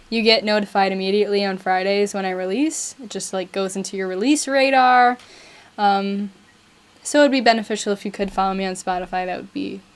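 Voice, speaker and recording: A woman in her twenties from Buffalo with a slight Buffalo accent, chatting casually and excitably with viewers on her live stream. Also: medium pitch. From Buffalo, New York. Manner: chatty, excitable, reads viewer chat aloud. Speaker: musician streamer.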